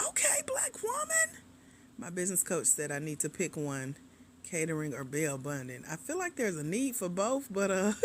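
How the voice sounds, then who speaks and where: A woman with a lowish, slightly bright voice and a faint hiss or hum, recorded on a tablet. She's a grant coach doing a casual livestream from her bed at home, reading viewer comments out loud and laughing a lot. She sounds a bit sleepy, like she's fighting off a nap.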